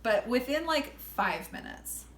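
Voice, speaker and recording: Loud, animated young woman telling a story. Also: a little high, unhurried. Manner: loud, animated, swears a lot, acts out quoted people. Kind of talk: casual storytelling. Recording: echoey room, faint background hum.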